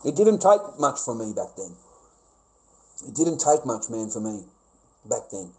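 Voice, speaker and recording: A man's voice: medium pitch, big pitch swings, measured pace, darkish tone, low-quality recording. An Australian man in a casual, profane rant to a live audience, rambling and repeating himself.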